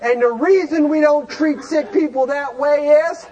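A man's voice: very high-pitched, unhurried, warm tone, highs cut off, a faint crowd. A man teaching a recovery group in a folksy, emphatic way, peppered with rhetorical questions. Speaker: recovery meeting speaker. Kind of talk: animated teaching talk.

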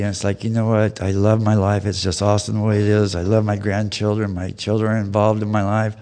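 A man's voice: on the low side, creaky, mellow. Folksy older man in an echoing hall. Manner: folksy storytelling with plain slang. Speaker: recovery meeting speaker. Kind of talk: personal testimony talk.

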